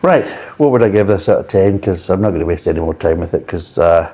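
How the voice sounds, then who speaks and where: Brief: low-voiced, mellow man, blunt and exasperated beer reviewer who swears freely. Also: fast.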